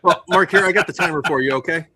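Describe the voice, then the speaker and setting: A man's voice: on the high side, fast talker. Man hosting a stream over crowd noise. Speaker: livestream host. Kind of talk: casual livestream chat.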